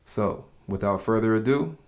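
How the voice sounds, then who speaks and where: Man, very low voice, chatty opinionated explainer narration, steady read-aloud pace. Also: moderate pace, noisy background. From Southern United States. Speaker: video narrator.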